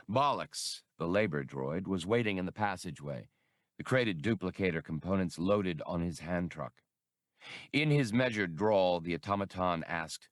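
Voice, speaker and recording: Low-voiced guy reading an audiobook, lively delivery, dry close sound. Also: no echo. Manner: measured storytelling. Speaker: audiobook narrator. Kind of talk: scripted narration.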